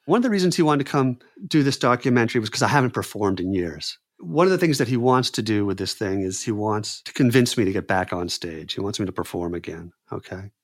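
A man telling a personal story in an animated way, often repeating words and phrases. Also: fairly low pitch, quick pace, hardly any pauses. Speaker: clown performer telling a story.

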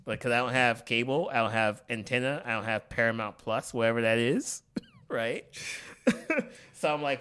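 A man's voice: mid-range voice, moderate pace, a bit bright, clear, resonant tone. A man co-hosting a casual comedic chat, rambling with lots of "like" and laughter. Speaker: podcast co-host.

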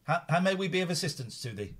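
A man doing a pompous, posh gentleman from another age, pitched high and swooping widely as he lays on the theatrical old-fashioned phrasing. The delivery is showy and grand. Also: lively intonation, fast talker, husky. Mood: mock-posh. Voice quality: mock-archaic, theatrical.

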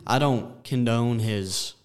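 A man's voice: mid-range voice, takes it slowly, clear, resonant tone. A man co-hosting a sports podcast, easygoing and weighing both sides of an argument. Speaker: podcast co-host. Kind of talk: casual sports chat.

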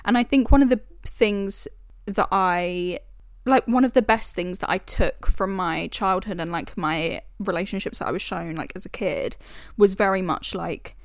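A woman's voice: medium pitch, moderate pace, no room sound, studio quality. A British woman co-hosting a podcast, talking effusively and swearing freely in casual chat. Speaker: podcast co-host.

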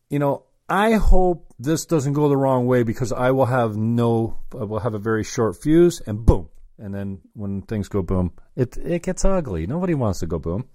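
A man's voice: medium pitch, mellow, dry recording, studio quality. A man telling a long, rambling story, cursing and cutting himself off mid-sentence. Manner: rambling, self-interrupting, profane.

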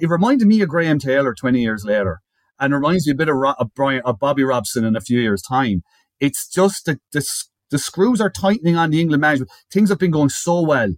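A man with a fairly high voice spins a story for his co-hosts, circling back and repeating words as he builds it. The sound is close and dry, with no room around it. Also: fast talker, dry recording. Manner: animated retelling, repeats words as he goes. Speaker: podcast co-host. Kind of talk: casual chat, storytelling.

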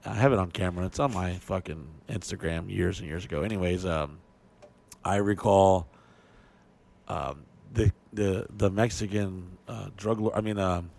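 A man's voice: low-pitched, moderate pace, creaky. A man hosting a podcast, telling crude stories in casual chat with lots of profanity. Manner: profane storyteller, animated impressions. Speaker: podcast host.

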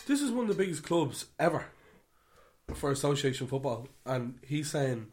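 A man co-hosting a football podcast, ranting animatedly and swinging between loud outbursts and muttered asides. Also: medium pitch, expressive, normal speed. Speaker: podcast co-host. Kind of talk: casual football chat.

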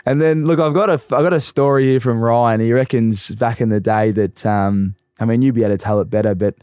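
A man's voice: mid-range voice, fairly even intonation, a little fast, mellow, smooth, no room sound, studio quality. A man hosting a casual interview, joking and laughing often as he prompts his guest. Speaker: podcast host.

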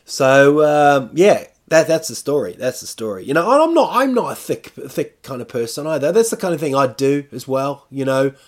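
A man's voice: medium pitch, big pitch swings, normal speed, hardly any pauses. A man talking at home in a casual, rambling monologue, chatty and self-deprecating, drifting from one story to the next. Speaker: vlogger.

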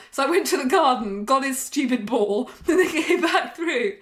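High-voiced woman telling a funny story. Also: brisk. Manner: animated, self-deprecating, laughing through the story. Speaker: podcast host. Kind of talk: casual anecdote-telling.

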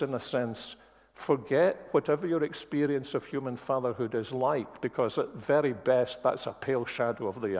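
A man preaching a sermon in a church, speaking earnestly and slowing on key words. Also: medium pitch, darkish tone. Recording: long reverb of a church hall.

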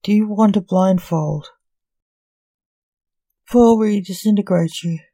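A grim, commanding knight who orders an execution, as a woman reading a story puts him on. The voice is slow and dark, recorded close and dry. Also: medium pitch, no room sound. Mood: stern. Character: stern male knight, harsh executioner.

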